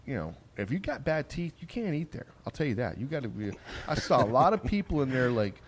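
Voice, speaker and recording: A man hosting a barbecue podcast, telling stories in a casual, rough-spoken, rambling way with lots of restarts. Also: mid-range voice, sing-song, a little fast. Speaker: podcast host. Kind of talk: casual chat. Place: on location at a barbecue trade conference.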